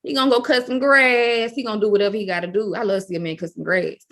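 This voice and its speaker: A young woman from Louisiana talks on a podcast as a guest, candid and emphatic. Her speech is loose Southern slang, with punchy, repeated points. Her voice sits at a middling pitch for a woman. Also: steady tone, quick pace, fairly bright tone. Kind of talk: casual podcast chat.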